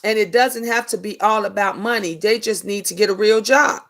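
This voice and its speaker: A woman's voice: mid-range voice, normal speed, fairly bright tone. A middle-aged woman hosting a casual live stream. She answers viewer comments in an emphatic, preachy way and repeats her points. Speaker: livestream host.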